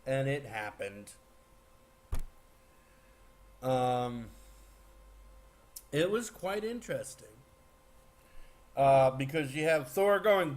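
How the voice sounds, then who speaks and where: Slow, rambling man recapping a movie. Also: mid-range voice. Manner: rambling, excitable, with frequent fillers and restarts. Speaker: movie reviewer. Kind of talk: casual spoiler recap.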